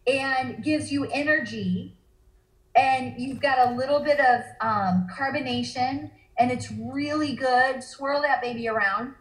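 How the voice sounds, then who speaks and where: A woman in casual chat who eagerly demonstrates drinks and products and talks fast. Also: high voice, reverberant, poor audio. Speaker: guest showing products.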